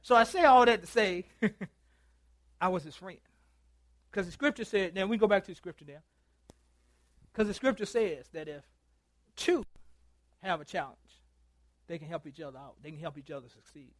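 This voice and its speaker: A male pastor with a high, light voice preaches in a dry, close sound with little room echo. He tells a story and plays both sides of a conversation, then drops to a hush and draws out his phrases. He calls for answers from his listeners as he goes. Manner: storytelling, acts out both sides of a phone call; swings from loud to hushed, drawn-out phrases. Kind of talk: sermon. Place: church.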